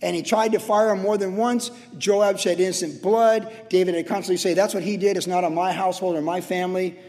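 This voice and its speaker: A man in his sixties preaching a sermon in a conversational way, acting out quotes with sudden shouts. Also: sits high, fairly even intonation, fairly quick, long reverb tail. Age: 60s. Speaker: pastor.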